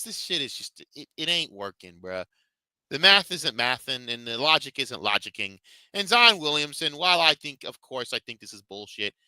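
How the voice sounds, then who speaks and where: Ranting man with a bright, lively voice. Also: medium pitch, clean tone, no echo. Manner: heated, ranting, mocking. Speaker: podcast host. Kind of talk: profane commentary chat.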